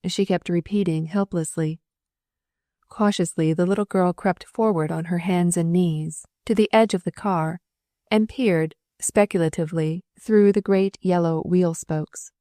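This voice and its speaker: A woman narrating a novel as an audiobook, telling the story in an expressive, dramatic way. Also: on the low side, a little slow, no echo, clean studio sound.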